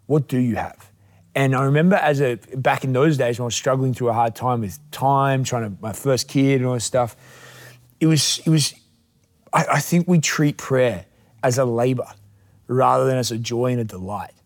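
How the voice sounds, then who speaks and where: A man's voice: medium pitch, moderate pace. Reflective young man hosting. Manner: reflective, heartfelt, with hesitations. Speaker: podcast host and pastor. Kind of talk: casual conversational interview.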